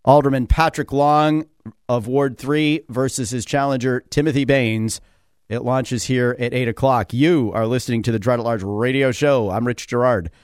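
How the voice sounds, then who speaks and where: A man's voice: mid-range voice, fairly even intonation, moderate pace, no room sound, clean studio sound. A man hosting a talk radio show, rambling casually with lots of fillers and chuckles. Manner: chatty, digressive, many fillers and chuckles. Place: radio studio.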